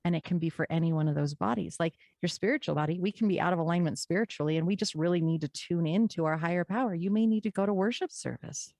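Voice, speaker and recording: Woman interview guest, low warm voice, earnest and encouraging, dry close mic. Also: no echo. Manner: earnest, encouraging, drawn-out emphasis. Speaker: podcast guest. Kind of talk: conversational interview.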